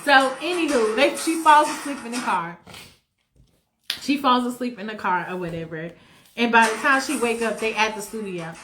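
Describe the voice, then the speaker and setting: A woman's voice: on the high side, lively intonation, moderate pace, over music. A woman telling a comedic fanfiction story in a casual, rambling, crude way, heavy on slang.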